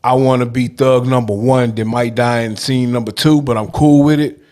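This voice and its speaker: A laid-back man co-hosting a casual chat, who likes to tease the others. His voice sits at an ordinary middle pitch. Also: fairly even intonation, normal speed, darkish tone.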